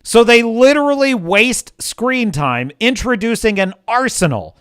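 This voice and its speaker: A man's voice: very high voice, expressive, measured pace, a bit bright, clear, resonant tone, no room sound, clean studio sound. A man hosting a livestream, reading chat aloud and ranting sarcastically with frequent swearing. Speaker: livestream host. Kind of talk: casual chat reading live chat.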